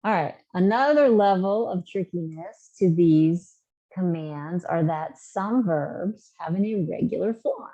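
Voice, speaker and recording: Patient woman teaching Spanish, mellow voice. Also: on the low side, expressive, highs cut off. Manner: patient, repeats examples slowly and clearly. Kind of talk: online language lesson.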